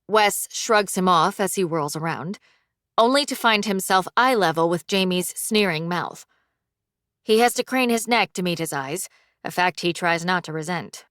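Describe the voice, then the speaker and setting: A woman narrating an audiobook in an even, measured way. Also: fairly low pitch, dry recording, studio quality. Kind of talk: scripted narration.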